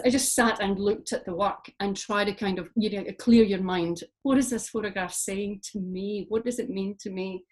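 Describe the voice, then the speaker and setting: A woman poet from Scotland, talking reflectively in an interview and telling stories with lots of fillers. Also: medium pitch. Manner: reflective, animated storytelling with frequent fillers. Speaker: poet guest. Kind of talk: interview conversation.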